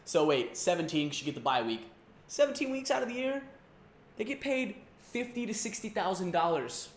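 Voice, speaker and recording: A man's voice: high voice, big pitch swings, moderate pace. A man hosting a comedic sports rant, loose and slangy, mocking and rambling. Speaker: comedy sports show host. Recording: roomy echo.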